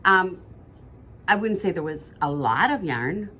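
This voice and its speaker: Chatty lower-voiced woman. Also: lively intonation, measured pace, bright, forceful tone, slight background noise. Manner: chatty, rambling, self-correcting. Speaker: podcast co-host. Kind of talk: casual chat.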